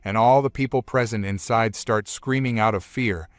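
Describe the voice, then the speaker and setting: A man's voice: on the low side, normal speed, clear, resonant tone, no echo. Man narrating a comic recap, dry sound. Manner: plain retelling strung together with "and then".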